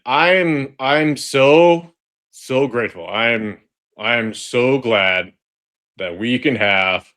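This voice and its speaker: A man with a bright, forceful tone drawls through casual trailer reaction commentary at an unhurried pace. He talks straight to his viewers in a chatty way, often restarting and repeating his phrases. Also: mid-range voice. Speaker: online video host.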